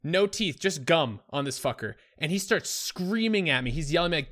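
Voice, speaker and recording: Man, podcast co-host, lively swooping delivery, bright edge, profane, casual storytelling. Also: high-pitched, moderate pace, hardly any pauses. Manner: animated, profane, acts out shouted quotes.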